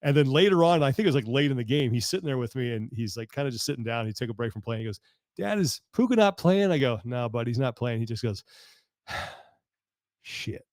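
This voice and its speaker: A man hosting a podcast, telling stories in a lively, casual way and laughing often. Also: medium pitch, no echo. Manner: animated storyteller, quick to laugh. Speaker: podcast host. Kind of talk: casual chat.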